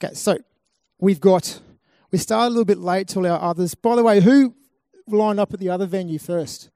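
High-voiced earnest man. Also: fairly quick, warm tone, clean tone. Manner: earnest, repetitive emphasis. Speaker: speaker at a youth festival. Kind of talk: live motivational talk. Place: live event venue with an audience.

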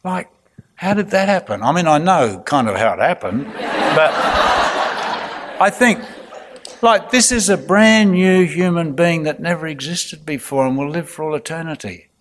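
Gently humorous clergyman. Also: fairly high pitch, animated, normal speed. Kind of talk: reflective spoken talk.

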